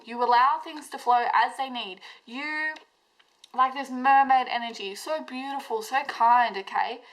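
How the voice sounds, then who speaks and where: A woman's voice: fairly high pitch, a bit bright, low-quality recording. A woman giving a pick-a-card tarot reading, talking straight to her viewers in an emotional, intense and reassuring way, with plenty of fillers. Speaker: tarot reader.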